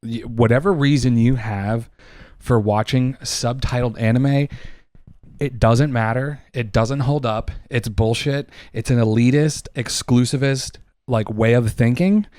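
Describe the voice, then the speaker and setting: A man's voice: mid-range voice, steady tone, measured pace, darkish tone, dry recording, studio quality. A man co-hosting a casual podcast, arguing heatedly and emphatically, with lots of swearing. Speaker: podcast co-host.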